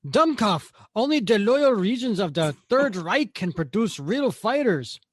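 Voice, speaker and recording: A man voicing a brutish soldier in a deliberately bad fake German accent, reading a comic aloud. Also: sits high, big pitch swings, no echo, voice pushed up, exaggerated voice. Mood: scornful.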